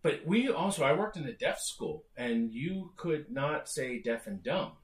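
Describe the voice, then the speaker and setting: A man's voice: medium pitch, big pitch swings, a little slow. Middle-aged man talking in a roomy space. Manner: explanatory, restarts phrases, acts out quotes. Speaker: podcast co-host. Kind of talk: casual discussion. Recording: roomy echo.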